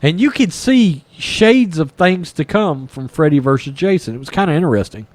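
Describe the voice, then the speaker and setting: A man hosts a podcast, rambling through a movie plot in a casual, profane way. His voice sits a little high and swings widely in pitch as he gets into the story. The sound is dry and close, with no room around it. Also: normal speed, dry recording. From East Texas. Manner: rambling, animated, swears freely, acts out character lines. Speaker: podcast host reviewing a film.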